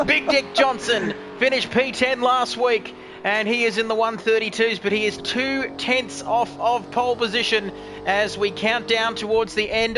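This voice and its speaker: A man commentating an online sim race, jokey and rambling, poking fun at himself. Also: high voice. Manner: jokey, rambling, self-mocking. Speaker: lead commentator.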